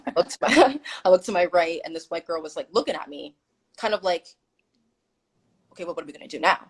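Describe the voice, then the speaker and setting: A woman's voice: fairly low pitch, quick pace, husky, low-quality recording. A woman guest telling a story in casual chat on a video call, acting out what people said. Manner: animated, acts out quoted dialogue.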